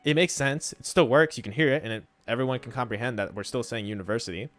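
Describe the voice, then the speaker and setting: A man's voice: mid-range voice, fast, a bit bright, soft background music. A man streaming and teaching Japanese, answering viewers' questions in a casual, thinking-aloud way and often checking in with "right?". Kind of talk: casual livestream talk to chat.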